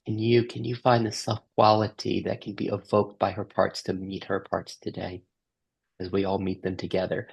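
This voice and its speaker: A man leading a group workshop on a video call, asking gentle repeated questions and inviting everyone to join in. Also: deep voice, monotone, normal speed, creaky, slightly rough, low-quality recording. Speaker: workshop leader.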